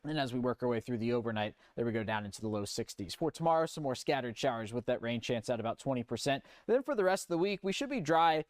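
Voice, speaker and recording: A man's voice: medium pitch, animated, quick pace, hardly any pauses, no room sound, clean studio sound. A young adult man giving a live weather forecast in a conversational, easygoing way. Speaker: meteorologist.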